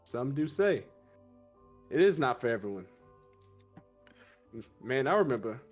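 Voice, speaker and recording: A man taking part in a tabletop role-playing game, talking casually and haltingly in and out of character. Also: mid-range voice, very animated, faint music behind. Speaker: player.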